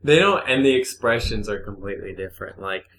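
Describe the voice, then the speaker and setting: A man's voice: on the low side, a little fast. A young man co-hosting a casual podcast, originally from the north, who swears freely, laughs often and tells stories with energy. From northern United States. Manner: swears a lot, laughs often, animated storytelling. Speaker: podcast co-host. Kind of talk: casual chat.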